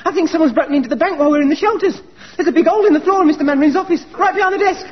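An actor playing a naive, eager young bank clerk in a radio comedy, recorded with a muffled sound. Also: male voice, high-pitched, big pitch swings, fast talker, slightly rough, exaggerated voice. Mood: flustered. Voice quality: eager, flustered. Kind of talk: 1970s radio comedy acting.

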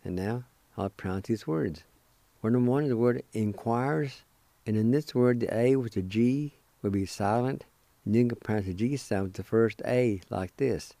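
A man leads a radio language lesson in a mellow, somewhat low voice. He speaks very slowly and deliberately, spelling each word letter by letter and repeating it several times. The sound is dry and close, with no room around it. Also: creaky, dry recording. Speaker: radio language teacher and host.

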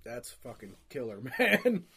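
A man's voice: mid-range voice, huge pitch swings, a little slow, sharp tone. A man co-hosting a podcast in casual chat, joking and laughing often. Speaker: podcast co-host.

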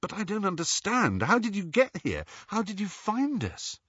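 A man putting on a shaken young man, weak and shivering, firing short urgent questions in a raised voice. It sounds husky and a little off-mic on a muffled, dry audiobook recording. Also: high voice, wildly swooping pitch, moderate pace, fairly bright tone, no room sound, voice pushed up, heavily acted.

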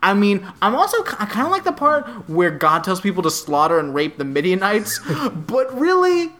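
A man's voice: high-pitched, wildly swooping pitch, moderate pace, pushed and bright, slight background noise. A man co-hosting a comedy podcast, trading crude, sardonic jokes in casual banter. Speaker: podcast co-host.

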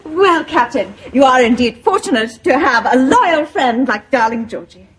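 A woman's voice: sits high, animated, normal speed, a bit bright. An actress playing a prim, chirpy army nurse, sweet and motherly, in a studio sitcom. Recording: hissy TV recording with noise. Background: studio audience laughter.

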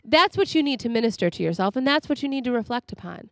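A woman giving a sermon in a chatty, animated way, often laughing as she talks. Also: fairly high pitch, quick pace, hardly any pauses, no room sound. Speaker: speaker.

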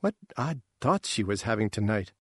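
A man reading a science fiction story aloud in a slow, measured way. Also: lowish voice, expressive, breathy edge, no echo, studio quality. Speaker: narrator. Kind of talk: audiobook reading.

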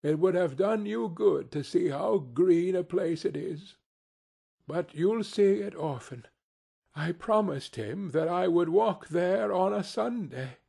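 A man reading aloud and voicing a kind, grieving father who speaks tenderly, in a husky, lively voice. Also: high voice, slow, voice pushed up, exaggerated voice. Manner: tender, breaking. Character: grieving poor clerk father, kind and broken.

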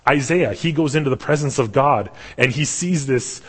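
Man, young pastor, husky voice, casual animated sermon, long hall reverb. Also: medium pitch, moderate pace. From Canada.

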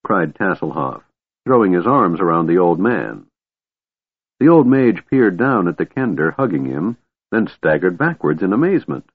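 A man narrating a fantasy audiobook in a measured, expressive storytelling voice. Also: low-pitched, breathy edge, dry recording. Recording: tinny phone-like dry recording.

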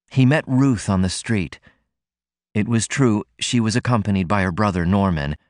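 A man reading a novel aloud as an audiobook narrator, in a measured, even manner. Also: lowish voice, no echo, studio quality. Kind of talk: scripted narration.

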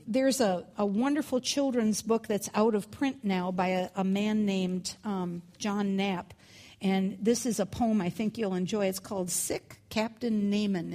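A woman's voice: mid-range voice, warm tone. A woman teaching a Bible lesson in a conversational way, with chatty asides. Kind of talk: scripture teaching talk.

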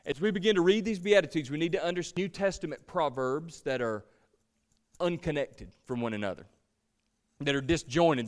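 A man preaching a sermon as pastor, earnest, with repeated words and a voice that swells and falls away. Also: fairly high pitch.

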